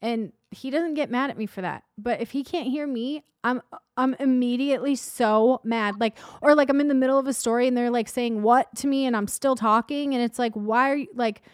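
Thirtysomething woman chatting away, kinda high voice, lots of laughs, dry close mic. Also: brisk, dry recording. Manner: animated, laughs often, emphatic when irritated. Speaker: podcast co-host. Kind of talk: casual chat.

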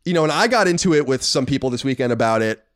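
A mid-range voice at a quick pace belongs to this gaming podcast co-host. Chatting and covering the news, he's animated and opinionated, with casual cursing.

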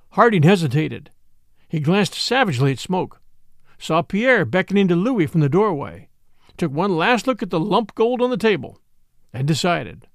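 Brief: male audiobook narrator, expressive reader, raised pitch, dry close sound. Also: moderate pace, gravelly, dry recording. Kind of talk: scripted narration.

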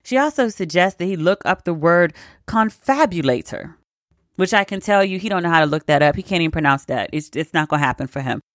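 A woman's voice: lowish voice, animated, a little fast, no echo, studio quality. Exasperated woman riffing on the news. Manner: wry and exasperated, laughs between quotes. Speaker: podcast host. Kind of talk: casual news commentary.

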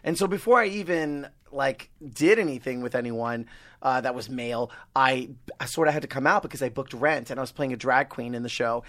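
A man's voice: medium pitch, a little fast. A man in his forties from Long Island, telling stories as a guest in a casual chat and laughing easily. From Long Island, New York. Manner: animated storyteller, laughs easily.

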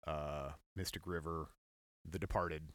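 A man co-hosting a podcast in casual chat, animated and laughing, now and then jumping into high silly voices. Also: a little slow, dry recording. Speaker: podcast co-host.

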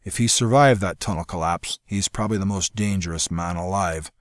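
Gruff mercenary commander, proud, blunt, sardonic storybook voice, done by a man. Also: deep voice, fairly quick, dry recording, studio quality, natural voice. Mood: wry.

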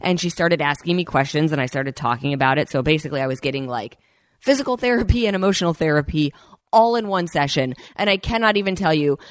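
A low-pitched, fast-talking woman with lively intonation hosts a podcast, recorded with no echo. She chats casually through a personal story, frequently addressing listeners as "you guys".

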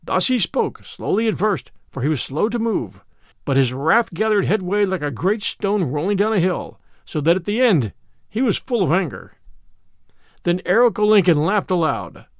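Expressive male storybook narrator. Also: sits high, normal speed, no echo, studio quality. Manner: expressive, theatrical reading. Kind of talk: audiobook reading of a classic tale.

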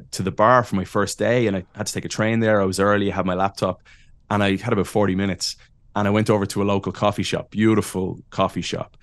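A man in his thirties with an Irish accent, a podcast guest telling lively, self-deprecating stories and laughing often. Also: on the low side, dry recording. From Ireland. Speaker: podcast guest, wrestling announcer. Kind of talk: casual interview storytelling.

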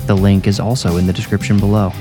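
A man narrating a first-person horror story as podcast host, measured and grave. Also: on the low side, flat delivery, over music.

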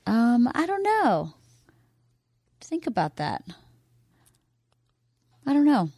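An American woman chatting as a guest on her husband's home podcast, giving short, dry, teasing replies. Her pitch moves a lot, and her intonation is very lively. The sound is dry and close. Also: slow, dry recording. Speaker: podcast guest, host's wife. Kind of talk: casual chat. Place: home studio.

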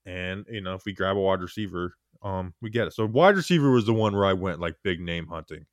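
A young man co-hosts a sports podcast in a low voice with lively intonation and a slightly fast pace. He talks loosely, teases his partner and fills his speech with phrases like "you know." The sound is clean studio audio with no room sound.

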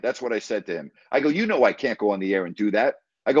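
A man's voice: fairly low pitch, sing-song, fast, husky, dry recording, dull audio. A middle-aged man, a sports radio host, telling a story in an interview in a blunt, emphatic way with salty language.

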